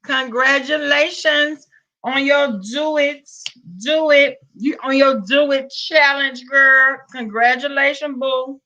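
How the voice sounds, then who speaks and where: Southern woman streamer, high bright voice, chatty with her viewers, slow easy delivery. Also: fairly even intonation, highs cut off. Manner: greets viewers with pet names, Southern US slang. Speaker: livestream host. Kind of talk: casual live-stream chat.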